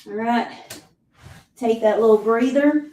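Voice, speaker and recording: Woman, Southern accent, fitness instructor, unhurried, warm mellow tone, roomy echo from afar. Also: on the high side, recorded from a distance. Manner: counts reps aloud, encouraging cues, clears throat often. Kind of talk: live exercise class instruction.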